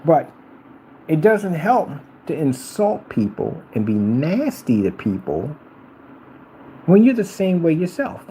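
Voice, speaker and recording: Animated rambling middle-aged man ranting. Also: fairly high pitch, takes it slowly, slight background noise, rough recording. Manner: rambling and repetitive, addressing a rival directly. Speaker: vlogger. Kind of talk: ranting monologue to camera.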